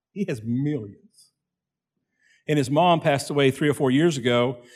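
A man preaching a sermon, telling a folksy story before he asks the congregation questions. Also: mid-range voice.

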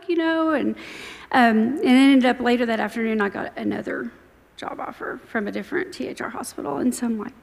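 A woman's voice: a little high, fairly quick, gravelly, big-room sound. A woman in her forties telling her personal story to her church in a chatty, storytelling way. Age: 40s. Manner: chatty, storytelling, warmly grateful. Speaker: church member giving testimony. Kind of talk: personal testimony.

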